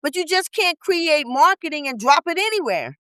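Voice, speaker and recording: Woman, podcast business coach, high bright voice, emphatic, blunt, rhetorical questions. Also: sing-song, moderate pace, no room sound, rough recording. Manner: colloquial, blunt teaching tone. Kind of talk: podcast interview. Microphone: podcast studio mic.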